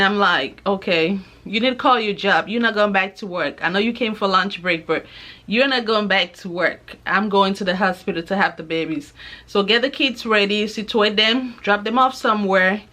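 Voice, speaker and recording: Bright-voiced woman telling a story. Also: mid-range voice. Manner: animated retelling, acting out quoted voices. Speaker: vlogger. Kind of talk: casual storytelling to camera.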